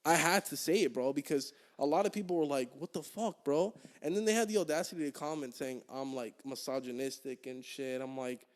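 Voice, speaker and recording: A man's voice: mid-range voice, a little fast, few pauses. A young man, a podcast guest, telling a long profane story in casual chat and acting out the people he quotes. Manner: profane storytelling, quoting others in raised voices.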